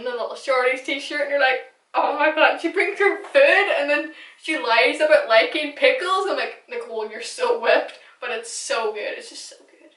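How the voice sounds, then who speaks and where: A woman's voice: on the high side, a bit bright. A young woman talking through a casual fan recap, gushing and chatty, swearing now and then. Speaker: recap vlogger. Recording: echoey room, distant mic.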